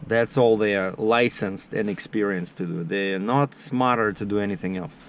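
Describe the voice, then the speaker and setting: A man's voice: fairly low pitch, moderate pace, slight background noise. A man vlogging casually outdoors, telling a story to the camera in a chatty, filler-heavy way. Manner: chatty, filler-heavy, acts out the other people's lines in dialogue.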